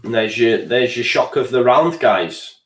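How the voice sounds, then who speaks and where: A young man with a medium-pitched voice, speaking a little slowly in a reverberant space, hosts a fan channel's live football watchalong. He swears in frustration as he reacts to the match and reads viewer chat aloud.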